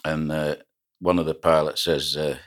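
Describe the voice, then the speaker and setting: Very deep-voiced older man. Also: little pitch movement, normal speed. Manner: rambling anecdotal storyteller with frequent restarts. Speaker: retired pilot boat skipper. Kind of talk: reminiscing oral history.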